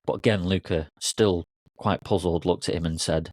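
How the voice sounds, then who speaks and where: A man coach telling a story in a relaxed, loose way with occasional fillers. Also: sits low, fast, no echo. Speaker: coach and podcast host. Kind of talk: casual storytelling.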